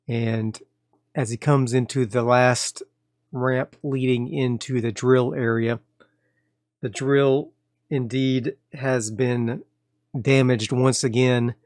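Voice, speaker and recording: A man hosting and narrating a solo tabletop horror game, telling the story in a loose, relaxed way with fillers and restarts. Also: medium pitch, no echo, clean studio sound. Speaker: game master and host of solo tabletop play.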